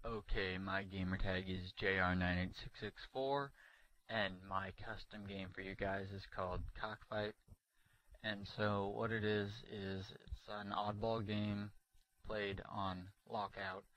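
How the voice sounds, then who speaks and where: A man's voice: on the low side, level tone, unhurried, fairly bright tone, slight background noise, low-quality recording. A man leaving a voicemail to describe a custom game, hesitant and full of fillers. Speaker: caller.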